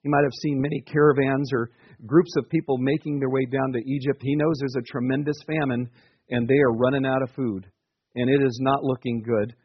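A pastor preaches to his congregation in a husky, slightly breathy voice. His delivery is earnest but conversational, with casual asides. The sound is dry and a little dull. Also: mid-range voice, fairly even intonation, brisk, dry recording. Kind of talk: sermon.

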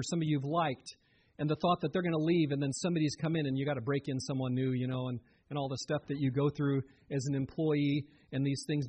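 A man's voice: on the high side, darkish tone, breathy edge. A man giving a sermon as a pastor, earnest and conversational, often turning to the listeners with direct questions.

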